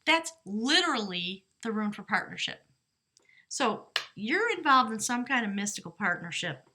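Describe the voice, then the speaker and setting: A woman's voice: medium pitch, sing-song, normal speed, bright, forceful tone, a little hiss or hum. A woman giving a casual spiritual tarot reading. She reads rune meanings aloud, then slips into chatty, lighthearted asides. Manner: earnest, lighthearted, laughs easily. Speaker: tarot reader.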